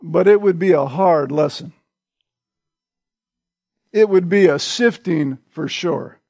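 A male pastor preaching a sermon in a slow, deliberate way, repeating short phrases for emphasis. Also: a little high, gravelly, dark tone, dry recording.

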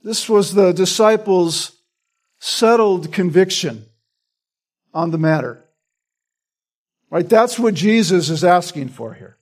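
A man with a high voice teaches a passage of scripture verse by verse. He talks in an easy conversational sermon style, restarting phrases and often checking in with a quick "right?". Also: lively intonation. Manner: repeats words while teaching, asks "right?". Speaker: pastor. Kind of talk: expository Bible teaching.

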